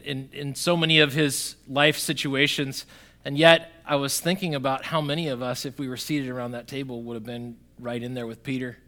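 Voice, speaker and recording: Animated pastor with a bright voice. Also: male voice, mid-range voice. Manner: animated, swings from loud emphatic to quiet and soft; conversational, addresses the congregation directly. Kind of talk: sermon.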